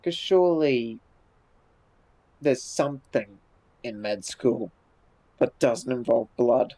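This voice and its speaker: This live streamer is a man who responds to viewer messages in relaxed, casual chat, cursing freely and often starting sentences over. He speaks slowly and expressively at a medium pitch with a dark tone, on a rough recording.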